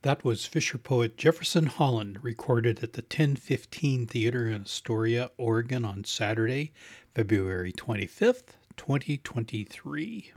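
A man's voice: mid-range voice, animated, normal speed, a little mellow, no echo, clean studio sound. A man closing a podcast episode with a short scripted outro, matter-of-fact. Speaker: podcast host.

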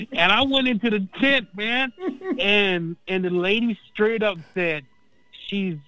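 A man calling in who tells a long story in a casual, animated way, swearing freely and saying "man" and "dude" all the time. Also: high voice, takes it slowly, no echo, low-quality recording. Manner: animated, profane, says man and dude constantly. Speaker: phone-in guest. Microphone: phone line.

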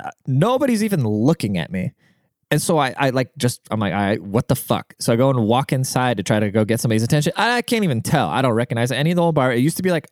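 A man's voice: mid-range voice, darkish tone, clean tone, no room sound, studio quality. A man hosting a podcast in a rambling, crude and profane casual monologue. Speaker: podcast host.

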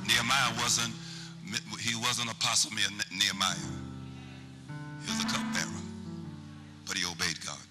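Fervent preaching man over loud music. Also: lowish voice, normal speed, long pauses, poor audio. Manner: preaching, rising to fervent prophetic declarations with tongues. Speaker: pastor. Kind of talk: sermon and prophetic prayer. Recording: church service with loud music behind. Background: loud organ or keyboard music.

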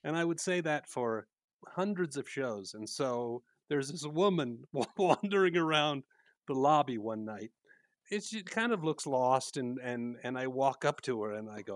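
A man's voice: medium pitch, normal speed, no room sound. A man co-hosting a casual podcast chat, telling theater stories with lots of laughter. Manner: lively storyteller, laughs often. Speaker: podcast co-host, mystery theater actor.

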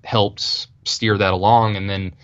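A man's voice: fairly low pitch, flat delivery, slow pace, a bit bright, no room sound, highs cut off. A young man from Oklahoma with an Oklahoma accent, chatting casually as a podcast guest in a rambling, self-deprecating way.

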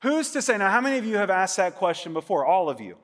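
A man in his late thirties preaches a sermon as pastor, relaxed and conversational, joking and often asking listeners "right?" His voice is high and his pace quick.

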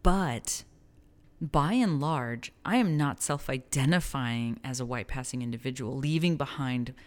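A woman from New Mexico with a deep voice chats casually on a podcast. She wanders through her thoughts, breaks off mid-sentence and laughs easily. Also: measured pace. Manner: rambling, self-correcting, laughs often. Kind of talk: casual conversation.

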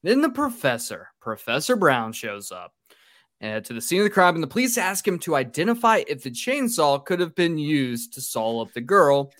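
A man's voice: a little high, very animated, fairly bright tone, dry recording, clean studio sound. Joking man recapping a movie plot. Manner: joking, crude, brisk plot summary. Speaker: podcast co-host, recapping the plot. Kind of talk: casual chat and plot recap.

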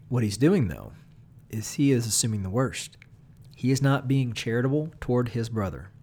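A man, a pastor, talking through a Bible passage in a relaxed, conversational way, often checking in with "right?". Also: medium pitch. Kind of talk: Bible study talk.

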